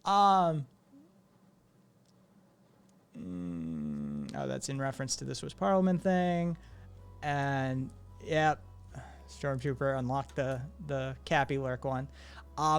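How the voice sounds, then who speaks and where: Profane, animated male streamer. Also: medium pitch, slow, clean tone. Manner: profane, animated, reads chat messages aloud. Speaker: streamer host. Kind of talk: casual live-stream chat.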